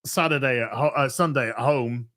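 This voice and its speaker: A man's voice: mid-range voice, normal speed, a bit bright. A man hosting a casual show, reading viewer messages in a dry, offhand way. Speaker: podcast host reading donations. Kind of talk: casual chat.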